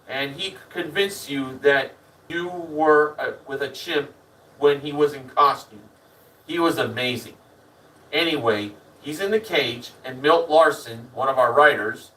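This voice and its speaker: A man reading a first-person memoir aloud as a lively storyteller. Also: a little high, far from the mic, poor audio. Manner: lively storyteller, animated in the punchlines. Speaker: reader.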